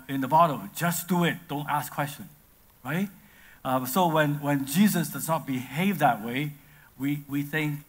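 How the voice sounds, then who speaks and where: Male pastor, fairly high voice, plain sermon delivery with frequent "okay?" checks. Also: a bit bright.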